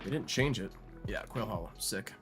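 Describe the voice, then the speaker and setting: A man with a lowish, expressive voice streams a golf video game at normal speed, rambling, joking and thinking aloud with plenty of fillers. It's casual gameplay commentary, with game music playing behind him and crowd noise in the mix.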